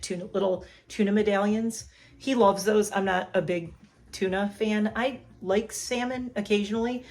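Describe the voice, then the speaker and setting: A middle-aged woman vlogging in her kitchen to a phone camera, chatty and sentimental and laughing often. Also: mid-range voice. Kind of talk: casual chat to camera. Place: home kitchen.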